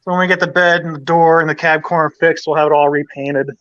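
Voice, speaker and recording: Brief: male host, high voice, methodical and casual, dull dry lo-fi garage-stream audio. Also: steady tone, fast talker, fairly bright tone. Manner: methodical, steadily lists parts. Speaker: host showing his small-engine collection. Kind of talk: casual live-stream chat. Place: home garage.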